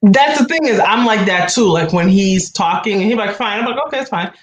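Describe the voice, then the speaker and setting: A woman's voice: medium pitch, lively intonation, fairly quick, reverberant, a little hiss or hum, low-quality recording. A woman in casual chat, rambling with frequent restarts and acting out what others said.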